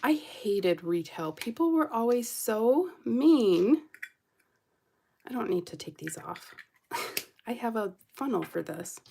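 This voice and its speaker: Slow-talking woman with a gravelly voice. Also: fairly high pitch, slight background noise. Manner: animated, acts out quoted voices. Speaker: vlogger. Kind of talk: casual storytelling while crafting.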